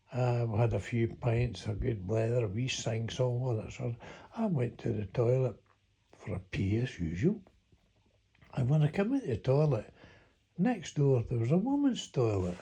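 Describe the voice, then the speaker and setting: A man's voice: mid-range voice, vocal fry, warm tone, breathy edge. An older man with a Scottish accent telling a rambling, folksy story from his past. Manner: rambling, folksy, chuckling as he recalls. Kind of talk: reminiscing monologue.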